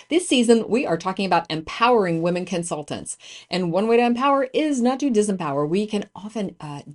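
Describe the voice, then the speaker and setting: A woman hosting a podcast, introducing the episode and her guest, stressing words with higher, louder bursts. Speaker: podcast host.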